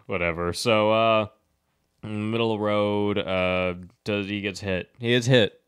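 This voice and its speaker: A man's voice: on the low side, steady tone, unhurried, clean tone. A man hosting a podcast, casually recapping a movie plot in a rambling, profane way, full of fillers. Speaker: podcast host.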